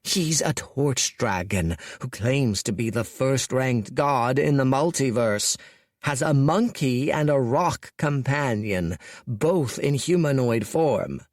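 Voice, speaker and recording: A man's voice: expressive, slow, no echo, studio quality. A man doing a panicky, voice-cracking dragon underling. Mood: pleading, panicked. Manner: high, cracking, pleading. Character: nervous, desperate skinny male dragon lieutenant.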